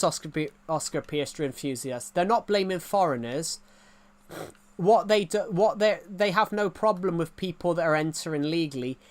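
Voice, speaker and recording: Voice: medium pitch, moderate pace. A streamer with a rural English accent, chatting on a livestream and answering viewer comments, with frequent restarts and repeated phrases. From England.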